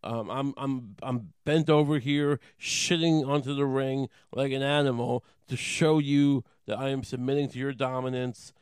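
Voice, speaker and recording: A man's voice: medium pitch, fairly even intonation, moderate pace, few pauses, smooth, no echo, studio quality, natural voice. A man putting on a pleading, groveling male wrestler in a crude comedy bit. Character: groveling panicked male wrestling executive's son.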